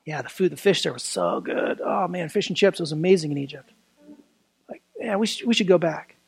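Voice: mid-range voice, animated, brisk, creaky, husky, voice pushed down, exaggerated voice. A preacher voicing a grumbling Israelite in the wilderness, mumbling complaints about the food and wanting to go back. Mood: whiny.

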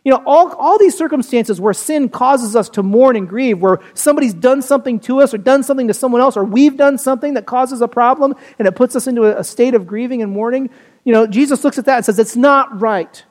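A pastor preaching a Sunday sermon in an easy, conversational manner. The delivery keeps turning to the congregation with quick "right?" and "you know" asides and moves at a middling pitch. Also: a little mellow.

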